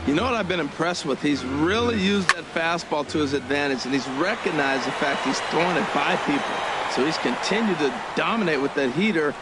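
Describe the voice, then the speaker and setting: Man, color commentator, chatty upbeat analysis, higher voice, noisy game audio. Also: brisk, hardly any pauses. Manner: chatty, upbeat pitch breakdowns. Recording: game audio with heavy noise.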